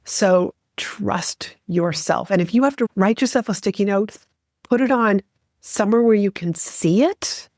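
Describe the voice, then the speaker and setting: Expressive woman hosting a solo podcast. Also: mid-range voice, measured pace, no room sound, clean studio sound. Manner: expressive, varies pace and tone for emphasis. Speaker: podcast host.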